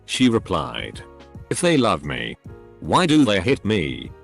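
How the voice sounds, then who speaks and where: A man narrating online posts in a steady read-aloud style, as the regular narrator of the channel. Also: sits low, takes it slowly, gravelly, soft background music. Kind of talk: scripted narration.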